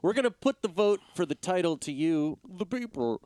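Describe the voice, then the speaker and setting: A man with an East Coast accent sounds stuffy-nosed from a cold as he co-hosts a casual comedy podcast. His pitch swings widely and his tone stays smooth and clear. The sound is dry and close, with no room around it. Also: expressive, moderate pace, mellow, dry recording. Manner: dry, wry jokes. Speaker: podcast co-host.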